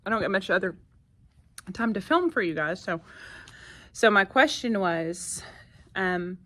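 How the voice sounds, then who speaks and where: Her voice is medium in pitch, expressive, unhurried and a little bright. She's a first grade teacher in her classroom, chatting to her phone camera in a relaxed vlog manner full of fillers and side comments.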